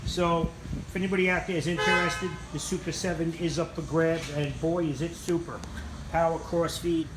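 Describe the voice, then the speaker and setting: A man's voice: mid-range voice, roomy sound, background noise. A man rambling casually through a vlog tour of his machine shop, self-mocking and swearing freely. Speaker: channel host showing his machine shop.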